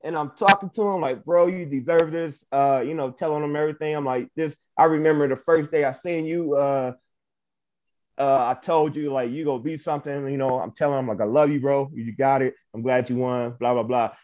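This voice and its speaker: A man's voice: mid-range voice, brisk. A young man from Michigan, a wrestler being interviewed, telling his story casually, acting out what people said and laughing often. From Michigan, USA. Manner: animated, acts out quoted exchanges, laughs often. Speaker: professional wrestler, guest. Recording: muffled lo-fi audio.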